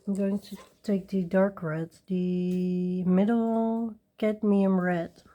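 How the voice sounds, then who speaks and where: A woman hosting a coloring video, chatting casually and rambling softly while she works at her desk. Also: medium pitch, fairly even intonation, slow, muffled recording. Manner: soft-spoken, rambling, with little laughs. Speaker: coloring channel host.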